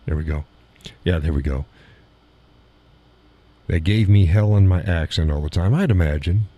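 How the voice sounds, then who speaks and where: A man hosting a live stream and chatting loosely as he reads out viewers' comments. His voice sits low with a dark, mellow color and a husky grain. He rambles and chuckles often. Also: moderate pace. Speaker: live show host. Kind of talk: casual chat reading audience chat.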